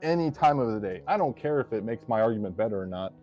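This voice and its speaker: A man of ordinary pitch debating on a streamed podcast call. He talks in long, winding sentences, argues hard and pokes fun at himself. Faint music plays behind him. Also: animated, quick pace, lo-fi sound. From Polish family. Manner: argumentative, wordy, self-mocking. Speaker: guest. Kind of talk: casual debate chat on a stream.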